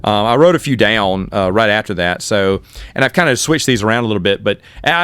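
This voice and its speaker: A middle-aged man, host of his own podcast, casually telling rambling, self-deprecating stories and jumping up high in pitch when he quotes himself. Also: normal speed, clear, resonant tone, dry recording. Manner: animated, with sudden jumps in pitch when quoting himself. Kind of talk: casual storytelling.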